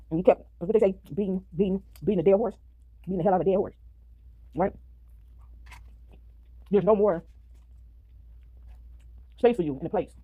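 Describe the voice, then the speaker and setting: A woman's voice: lowish voice, breathy edge, no room sound, narrow, tinny audio. A woman vlogging casually while eating, chatting with her viewers and breaking into bits of song. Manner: chatty, addresses viewers as y'all, sings snippets. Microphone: phone.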